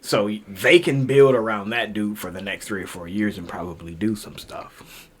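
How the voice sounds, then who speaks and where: A man's voice: fairly low pitch, steady tone, moderate pace, slightly rough. A man co-hosting a podcast, talking in a laid-back, slangy casual chat. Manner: laid-back, slangy, says "bro" a lot. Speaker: podcast co-host.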